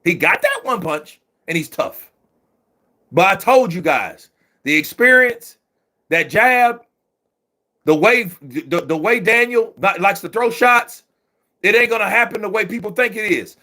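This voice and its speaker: Excitable husky man calling a fight. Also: sits high, unhurried. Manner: excitable, profane, shouting at the ref. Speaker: boxing commentator. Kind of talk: live fight watch-along commentary.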